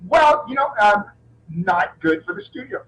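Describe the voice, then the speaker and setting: Animated high-voiced middle-aged man. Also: a little slow, rough recording. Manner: animated anecdotes, frequent restarts. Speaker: action film actor, guest. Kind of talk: casual interview storytelling.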